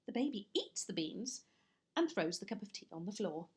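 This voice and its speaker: A woman reading a picture book aloud to children, expressive and slipping in chatty asides and whispers. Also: medium pitch, normal speed, husky.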